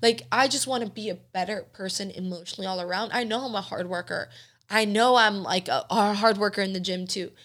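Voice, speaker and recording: A woman's voice: medium pitch, fairly quick, fairly bright tone. A woman in her late twenties hosting a podcast, talking candidly and with emotion, swearing casually. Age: 20s. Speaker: podcast host. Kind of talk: candid personal talk.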